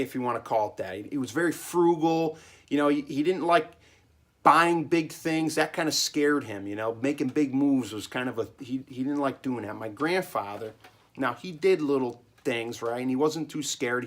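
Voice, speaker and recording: A man's voice: medium pitch, moderate pace, a bit bright. A man, a small business owner, gives rambling, emphatic advice in a casual vlog monologue from his home cellar, often checking in with listeners.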